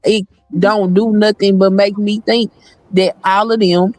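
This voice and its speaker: A woman's voice: medium pitch, fairly even intonation, unhurried, darkish tone, no echo, soft background music. An indignant woman arguing bluntly on an online panel, swearing casually. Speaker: panel guest. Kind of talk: heated live panel debate.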